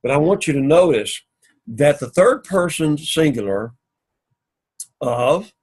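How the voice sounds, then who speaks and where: A Greek teacher with a fairly high, husky and animated voice gives a recorded classroom lecture. He explains slowly and repeats his points methodically.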